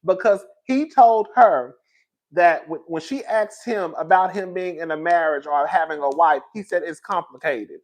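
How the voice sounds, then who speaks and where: Gossipy man, animated commentary. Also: a little high, moderate pace. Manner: animated and gossipy, laughing between lines, calls his viewers "girl". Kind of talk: reaction commentary.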